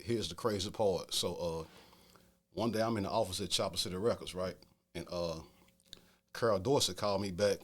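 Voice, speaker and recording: A middle-aged man with a New Orleans accent telling a story in casual chat, streetwise, often asking "you feel me?". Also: sits low. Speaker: podcast host telling a story.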